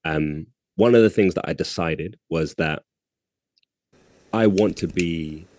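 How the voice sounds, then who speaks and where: A man, an artist guest on a podcast, talking casually in a reflective, halting way. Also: low-pitched, a little mellow, no echo. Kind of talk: casual interview chat.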